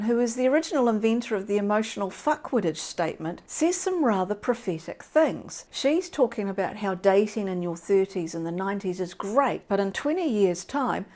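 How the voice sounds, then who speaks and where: A woman's voice: mid-range voice, darkish tone. A woman in her fifties, hosting a casual book discussion in a frank, wry and blunt way, swearing freely. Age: 50s. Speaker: book show host.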